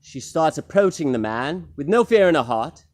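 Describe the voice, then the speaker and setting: Young guy telling a goofy story at a talent show, voice jumps around a lot, kinda high. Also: sing-song, moderate pace. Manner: rambling, giggling, many fillers. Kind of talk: improvised comic storytelling.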